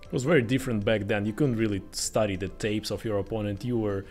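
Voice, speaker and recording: A man's voice: fairly low pitch, fairly even intonation, fast, darkish tone, soft background music. A man hosting a podcast, asking brief, direct interview questions.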